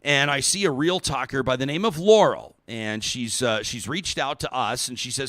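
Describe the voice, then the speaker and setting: A man's voice: mid-range voice, moderate pace, hardly any pauses, fairly bright tone, dry recording. A man hosting a talk show, running through chatty sponsor reads with friendly asides. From Canada.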